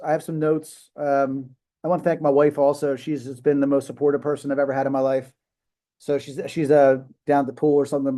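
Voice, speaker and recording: A man's voice: fairly high pitch, warm tone. A man in his fifties hosting a live video call, talking in a rambling, emphatic way with many restarts and fillers. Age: 50s. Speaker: host of a live business call. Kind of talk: casual motivational talk.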